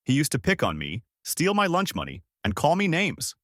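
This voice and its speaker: A male narrator voicing a small floating blue cat sidekick in a high-pitched voice. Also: huge pitch swings, normal speed, fairly bright tone, no room sound, studio quality. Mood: taunting.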